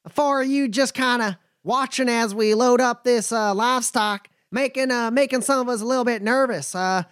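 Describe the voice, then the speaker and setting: A man voicing a gruff, drawling male caravan nomad with a folksy, blunt and wary way of talking. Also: very high-pitched, moderate pace, fairly bright tone, no room sound, studio quality, voice pushed up.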